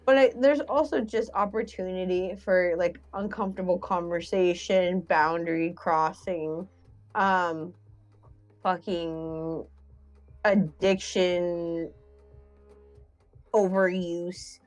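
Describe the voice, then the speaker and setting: A woman's voice: fairly low pitch, fairly even intonation, takes it slowly, soft background music, rough recording. A young woman who works as a mental health counselor, chatting casually on a stream with many fillers and easy laughter. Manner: rambling, lots of fillers, laughs easily. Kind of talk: casual chat.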